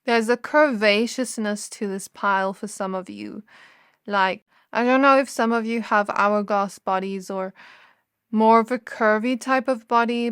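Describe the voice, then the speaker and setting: A woman giving a gentle, intuitive tarot reading to her viewers, now and then laughing softly and correcting herself as she goes. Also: fairly high pitch, smooth, no echo, clean studio sound. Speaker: tarot reader. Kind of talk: soft spoken tarot reading.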